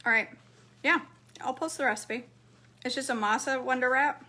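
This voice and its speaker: A woman's voice: high-pitched, moderate pace, bright, forceful tone. A woman chatting to her viewers while cooking and eating, answering their comments. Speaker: cooking vlogger. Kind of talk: casual cooking vlog chat.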